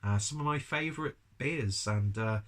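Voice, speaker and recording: A man reviews a beer in a loose, rambling vlog style and swears now and then. He is coming down with a cold. His voice sits fairly low. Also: moderate pace, fairly bright tone. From United Kingdom. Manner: rambling, chatty, casual swearing.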